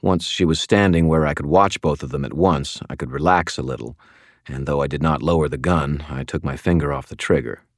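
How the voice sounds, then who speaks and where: A man reading a first-person story aloud as an audiobook narrator, in a measured, steady way. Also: rumbling low, no room sound, clean studio sound. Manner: measured, steady storytelling with sudden shouted outbursts.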